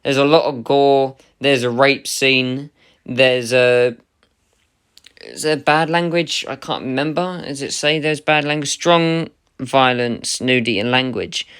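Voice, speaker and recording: A man with a smooth, clear voice at a middle pitch, talking through a casual spoken review. He sounds chatty and enthusiastic as he ranks the works he covers. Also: unhurried, a bit bright. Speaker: anime reviewer.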